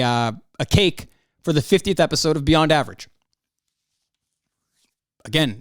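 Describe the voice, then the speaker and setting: A man's voice: fairly high pitch, clean tone, no room sound, studio quality. A young man hosting a solo podcast, ranting in a heated, profane way. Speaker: podcast host. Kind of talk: angry solo podcast rant.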